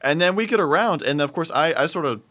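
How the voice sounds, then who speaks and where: Young man, bright edgy tone, animated storyteller in casual chat. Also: a little high, quick pace. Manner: animated, builds up to loud exclamations.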